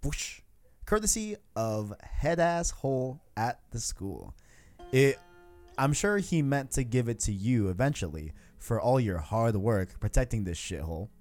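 A man voicing a gruff, grumpy old male stable keeper, trying for a deep, raspy old-man sound. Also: sing-song, a little slow, darkish tone, faint music behind.

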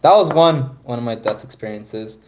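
Young male podcast host, mid-pitched, a rambling storyteller who keeps breaking into laughs, speaking on a call mic. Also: normal speed, slight background noise. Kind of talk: casual chat. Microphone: voice call microphone.

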